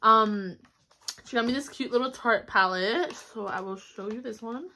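Indoors at home, a young woman talks to her stand-mounted camera for a haul vlog, upbeat and chatty, with fillers and small delighted squeals. She sounds bright and forceful, on the high side, at a moderate pace, over a faint hiss or hum.

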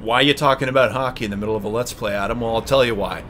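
A man hosting a let's play, talking casually and excitably, yelling and swearing at the game. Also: mid-range voice, very fast, a little hiss or hum. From Canada. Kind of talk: casual gaming commentary.

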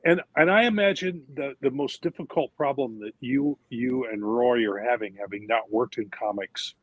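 A man with a husky voice gives measured explanations in a casual panel chat, drawing on years of writing comics. The sound is dry and close, with no room around it. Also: mid-range voice, dry recording. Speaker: veteran comics writer on a panel.

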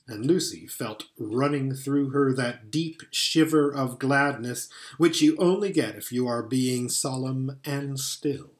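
A man reading a children's storybook aloud in an expressive way, now and then stumbling and restarting a phrase. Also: mid-range voice, takes it slowly, hardly any pauses. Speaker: audiobook reader.

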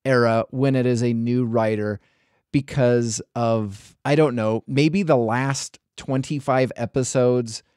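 A man's voice: mid-range voice, steady tone, slow pace, a little mellow, clear, resonant tone, no room sound, clean studio sound. A man hosting a podcast, chatting casually in a rambling way, full of restarts and hedges. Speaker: podcast host.

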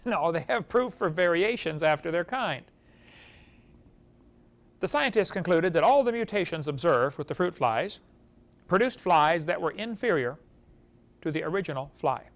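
A man's voice: fairly high pitch, lively intonation, moderate pace, long pauses. A man giving a classroom lecture, telling folksy stories and chuckling at his own jokes.

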